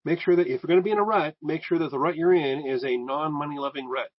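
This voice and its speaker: A man's voice: on the high side, quick pace, no echo, lo-fi sound. A man teaching a Bible passage verse by verse in a conversational way, restarting phrases as he explains Greek terms.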